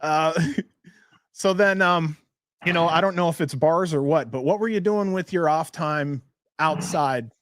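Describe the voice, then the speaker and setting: Easygoing male interviewer, slightly high voice. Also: measured pace, no room sound, clean studio sound. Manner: relaxed, laughs often, asks loose questions. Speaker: interviewer, host. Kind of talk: casual interview.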